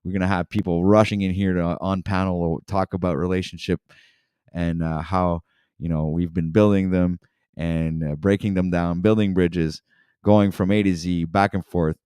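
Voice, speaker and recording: Deep smooth-voiced hype host. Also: male voice, darkish tone, dry recording, studio quality. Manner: hyped, swearing, addresses "guys". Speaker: show host. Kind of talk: hyped livestream announcing.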